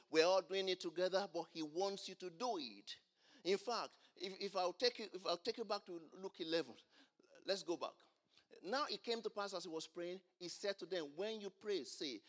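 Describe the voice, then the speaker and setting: A man preaching a sermon, asking the congregation to finish his lines and swinging between quiet explanation and loud exclamations. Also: high voice. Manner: call-and-response preaching, rising to loud exclamations. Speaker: pastor.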